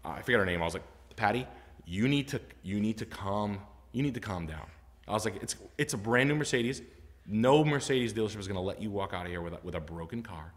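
A man telling a story in a casual, animated and rambling way, with lots of fillers and swearing. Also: on the low side, brisk. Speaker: storyteller recounting his car sales job. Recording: roomy reverb.

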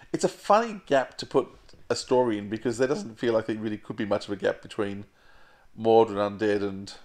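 A man's voice: mid-range voice, a little mellow. An Australian man co-hosting a podcast, giving opinionated casual review chat with laughs and restarts. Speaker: podcast co-host.

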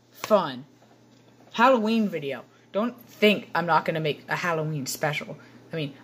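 A woman's voice: deep voice, fairly bright tone, slight background noise. A woman giving playful, rambling commentary over gameplay to her viewers on a computer microphone. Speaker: gaming channel host.

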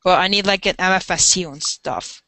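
A man's voice: high-pitched, fairly quick, creaky, bright, forceful tone, no echo. A man live-streaming a game, chatting casually, giggly and rambling with lots of fillers.

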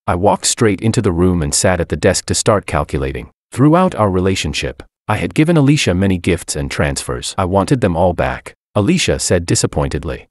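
Deep-voiced man narrating a story. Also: very animated, brisk, hardly any pauses, dry recording, clean studio sound. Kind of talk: scripted first-person story narration.

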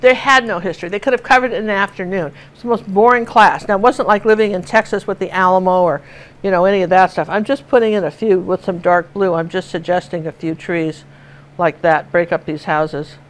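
A woman's voice: lowish voice, fairly even intonation, brisk, low-quality recording. An older woman from Washington State giving a chatty live painting lesson, telling stories and laughing as she works. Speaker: painting teacher.

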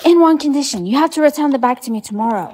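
A woman's voice: high voice, animated, fast talker, dark tone. A text-to-speech woman's voice playing a friend and a mother in skits, matter-of-fact and teasing.

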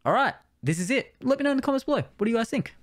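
A young Australian man reviewing his streaming gear in a casual, excited way, swearing freely, on a studio mic in his streaming room. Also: very high-pitched, very fast. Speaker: Twitch streamer. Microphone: studio dynamic mic.

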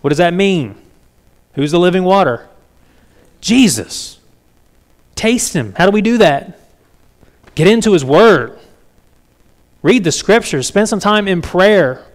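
Pastor with a fairly high voice. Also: male voice, sing-song, slow pace, long pauses. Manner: conversational, asks the congregation frequent questions. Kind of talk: sermon.

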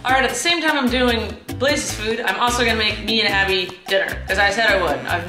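A woman's voice: medium pitch, a little fast, over loud music. A young woman vlogging in a chatty, rambling way with dry sarcastic asides. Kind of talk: casual vlog chat.

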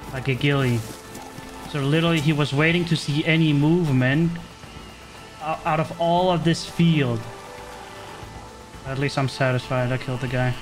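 A man giving casual, excitable commentary while playing a survival game, swearing and cutting himself off mid-word. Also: mid-range voice. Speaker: gaming streamer.

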